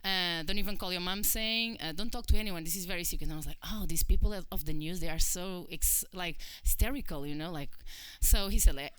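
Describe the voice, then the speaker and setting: Speaking fairly quickly at a medium pitch, a woman in her thirties with a Portuguese accent delivers a chatty personal talk at a conference, full of fillers and acted-out quotes. She's animated, and there's slight background noise.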